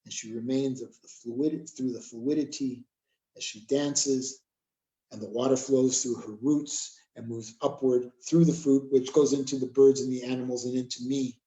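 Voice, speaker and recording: A man's voice: mid-range voice, fairly even intonation, normal speed, mellow. A man from California giving an emphatic spiritual talk, chanting phrases in rhythmic repetition. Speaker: spiritual drum healer. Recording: roomy echo.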